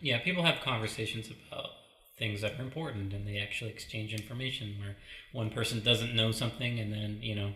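Male podcast co-host, very bright tone, jokey, echoey room. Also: lowish voice, brisk. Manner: joking, filler-heavy. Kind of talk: casual chat. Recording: roomy echo.

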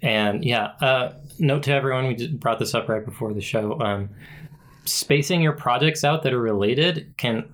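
A man co-hosting a writing podcast in casual chat, relaxed and wry, pausing often with little fillers. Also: medium pitch. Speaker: podcast co-host.

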